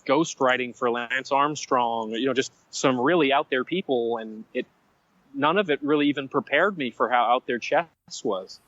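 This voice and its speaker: A man telling stories as a podcast guest, animated and self-mocking, drifting into side stories. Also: mid-range voice, normal speed, no room sound, highs cut off. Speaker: guest writer. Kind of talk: conversational storytelling.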